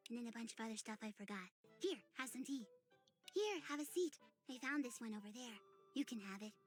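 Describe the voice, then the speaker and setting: A woman voicing an odd, whimsical young woman hosting a tea party, rambling dreamily with sudden leaps in pitch. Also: animated, a little fast, faint music behind, lightly acted.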